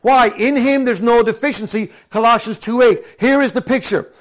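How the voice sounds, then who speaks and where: A man preaching a sermon. He drops to hushed, slow scripture reading and then builds to loud, lively storytelling. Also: very high voice. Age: adult, former professional soccer player.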